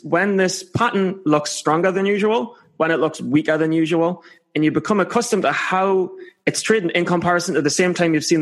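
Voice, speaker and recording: A man's voice: high-pitched, fairly bright tone. A man with a Scottish accent, a podcast guest, chatting casually about trading in a playful, self-mocking way. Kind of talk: casual chat.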